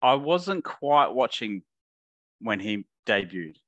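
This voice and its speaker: A man with an Australian accent co-hosting a podcast in relaxed, playful casual chat. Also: medium pitch, slow, no room sound, lo-fi sound. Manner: relaxed, playful, likes cursing. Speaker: podcast co-host.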